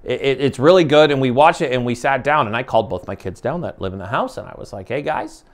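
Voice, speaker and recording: A show host in his forties from the United States conducts a conversational interview in a passionate, emphatic way, often restarting his sentences. His mid-range voice moves fast.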